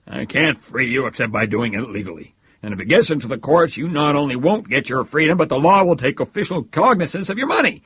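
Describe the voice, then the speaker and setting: A man doing a gruff, gravelly older father. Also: mid-range voice, expressive, fairly quick, hardly any pauses, a bit bright, pitched above the performer's own voice. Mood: angry. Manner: gruff, indignant. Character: stern older father, proud and quick-tempered. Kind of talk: audiobook reading.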